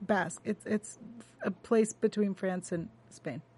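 A woman's voice: medium pitch, steady tone, a little slow, darkish tone, breathy edge. A woman from the United States co-hosting a podcast, recapping a TV episode in casual chat with wry asides. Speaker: podcast co-host.

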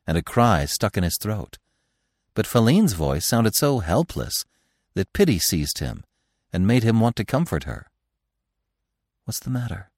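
A man reading a classic story aloud as a narrator, expressive and animated. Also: deep voice, dry recording, clean studio sound. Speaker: audiobook narrator.

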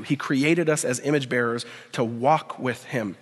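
A man preaching a sermon at a university, full of rhetorical questions, building to emphatic peaks and dropping to a quiet prayer. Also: mid-range voice, measured pace, few pauses, slightly rough. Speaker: speaker at a university chapel. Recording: long hall reverb.

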